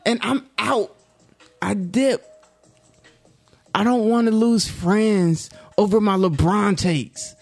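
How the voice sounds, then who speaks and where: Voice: medium pitch, creaky. A commentary YouTuber talking in a casual, reflective vlog monologue, slangy and laid-back, dropping "yo" often and musing in a self-encouraging way.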